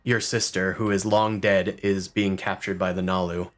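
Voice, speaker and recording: A man's voice: sits low, flat delivery, moderate pace. A man acting as game master, loosely describing scenes and making rules calls. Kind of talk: running a tabletop game.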